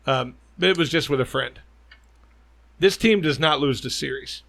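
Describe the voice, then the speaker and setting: A man's voice: a little high, moderate pace, vocal fry, fairly bright tone. A man co-hosting a casual podcast, swearing freely and telling jokes and stories. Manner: profane, storytelling, joking. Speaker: podcast co-host.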